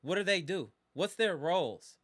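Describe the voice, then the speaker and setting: A man with a high, bright voice hosts a live fan stream and vents in exasperation. He repeats his points and talks straight to his viewers. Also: expressive, normal speed. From Wisconsin. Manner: exasperated, ranting, repeats himself.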